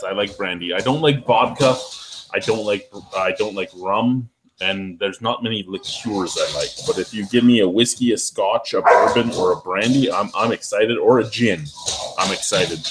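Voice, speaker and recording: A man's voice: on the low side, very noisy. A man hosting a beer review show, telling rambling, profane stories in casual chat while a little tipsy.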